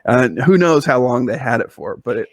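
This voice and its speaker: A man's voice: mid-range voice, animated, normal speed, no echo, studio quality. A man co-hosting a podcast, telling a long casual story, full of fillers and restarts. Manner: rambling, with many fillers and restarts. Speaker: podcast co-host.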